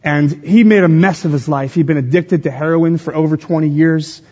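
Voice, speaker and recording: A man from Philadelphia preaching a sermon as pastor, with an expressive call-and-response delivery. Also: fairly high pitch, a little fast. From Philadelphia, USA. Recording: dull lo-fi sound with long hall reverb.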